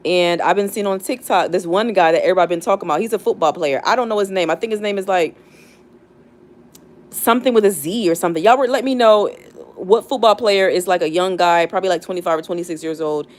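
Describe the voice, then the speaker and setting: A woman's voice: lowish voice, fast. A young woman hosting a casual live stream, chatting and reflecting with many fillers and restarts. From United States, not the South. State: near tears. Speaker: livestream host.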